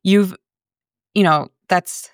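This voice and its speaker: A woman's voice: lowish voice, slow, clean tone, no echo, clean studio sound. A woman interviewing a guest, asking questions in an encouraging way with hesitant, searching phrasing. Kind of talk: conversational interview.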